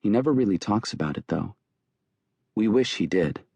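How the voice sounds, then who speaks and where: A man's voice: on the low side, expressive, normal speed, creaky, warm tone, slightly rough, no room sound. A man narrating an audiobook in a wry, conversational storytelling way. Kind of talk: scripted narration.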